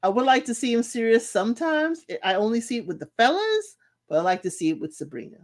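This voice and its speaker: A woman hosting a casual reality show recap, animated, laughing and mimicking the cast's lines. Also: fairly high pitch, fast talker. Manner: animated, laughs, mimics cast members' quotes.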